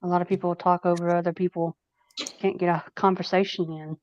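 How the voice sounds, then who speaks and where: A chatty woman with a Southern US accent talks casually on a live stream and laughs easily. Her voice sits a little low for a woman. The sound is dry, with a dull, lo-fi quality. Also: little pitch movement, fairly quick, no echo. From Nashville, Tennessee. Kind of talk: casual chat.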